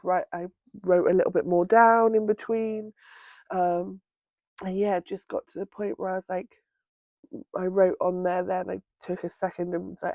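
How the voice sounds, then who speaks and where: Soft-spoken tearful woman, muffled. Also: mid-range voice, no echo. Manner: tender, halting, pausing often with ums. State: tearful, red itchy eyes. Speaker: vlogger sharing a personal healing story. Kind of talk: reflective personal monologue. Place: indoors at home by a window.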